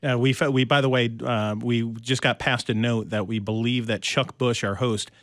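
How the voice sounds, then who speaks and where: A man co-hosting a casual sports podcast, teasing with quick quips. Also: mid-range voice, fairly even intonation, a bit bright, dry recording, studio quality. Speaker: podcast co-host. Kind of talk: casual chat.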